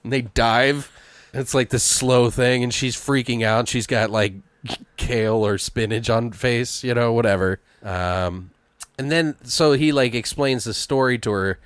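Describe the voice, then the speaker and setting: A man co-hosting a podcast, pitching a story in casual chat with rambling, profane storytelling. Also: unhurried, clear, resonant tone, no echo. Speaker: podcast co-host.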